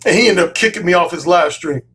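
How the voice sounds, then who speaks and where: A dating coach and YouTube commentator tells a story in a casual monologue, emphatic, repeating his phrases and swearing freely. His voice sits high and fairly bright, and he talks fast.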